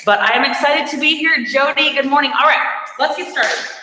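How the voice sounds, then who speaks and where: Woman, fitness instructor, bright edge, slightly rough morning voice, chatty with ums, recorded in a reverberant room. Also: sits high, fairly quick. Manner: chatty and encouraging, frequent ums. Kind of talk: live-streamed workout class instruction. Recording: very echoey room with long reverb.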